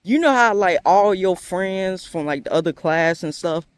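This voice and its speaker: A man telling a school story in a casual storytime. He is animated and slangy and laughs often. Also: sits high, normal speed, clear, resonant tone, no echo. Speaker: storyteller vlogger.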